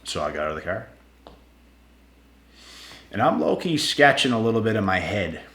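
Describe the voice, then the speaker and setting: A man telling a personal story to his viewers in a casual, animated way, slangy and swearing freely. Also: on the low side, normal speed, roomy sound.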